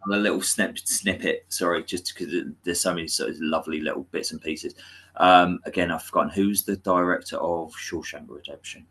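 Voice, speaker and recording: A man's voice: low-pitched, fairly even intonation, brisk, a bit bright. A man co-hosting a casual film discussion, talking enthusiastically and restarting his sentences. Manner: enthusiastic, chatty, trails off and restarts. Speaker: podcast co-host.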